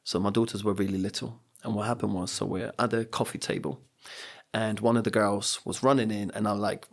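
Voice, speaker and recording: Earnest gravelly-voiced man telling stories. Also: lowish voice, little pitch movement, a little fast. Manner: earnest, motivational, acts out quotes. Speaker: guest, coach and speaker. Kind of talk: reflective podcast storytelling.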